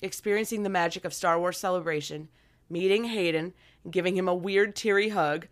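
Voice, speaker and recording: A woman's voice: fairly low pitch, brisk, a little hiss or hum. Enthusiastic woman co-hosting a podcast. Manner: enthusiastic, laughs often. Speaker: podcast co-host. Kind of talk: casual chat, reading listener letters aloud.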